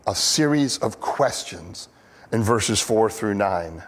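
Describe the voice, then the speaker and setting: Male preacher, earnest sermon delivery, slow and deliberate, lively pitch swings. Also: breathy edge, long reverb tail. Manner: earnest, expressive, acts out quoted pleas. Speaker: pastor.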